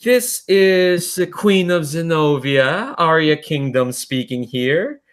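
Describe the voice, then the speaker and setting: A man's voice: a little high, expressive, slow pace, pitched above the performer's own voice. Snooty threatening queen, a guy doing the voice, sugary polite but mean, voice pushed way up. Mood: sneering. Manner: mock-polite, sneering. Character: haughty, taunting female queen threatening invaders.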